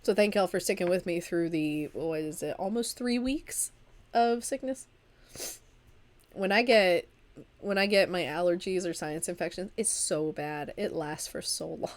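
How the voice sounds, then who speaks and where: A woman's voice: fairly low pitch, moderate pace. A woman reads a vampire story game aloud on a livestream. She is at the tail end of an illness, stumbles and restarts now and then, and drops into chatty asides between passages. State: recovering from a long illness. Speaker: streamer and storyteller. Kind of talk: reading a vampire visual novel aloud on a livestream.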